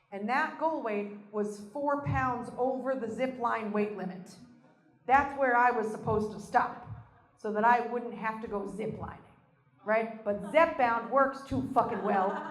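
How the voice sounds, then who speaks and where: High-voiced woman doing stand-up in a roomy venue. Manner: self-deprecating, animated storytelling with acted-out quotes. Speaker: stand-up comedian. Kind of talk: stand-up comedy set. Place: live venue stage.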